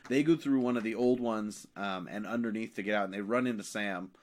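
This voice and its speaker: A podcast co-host with a lowish voice talks fairly quickly, casually and animatedly recapping a TV show. He acts out lines and swears freely.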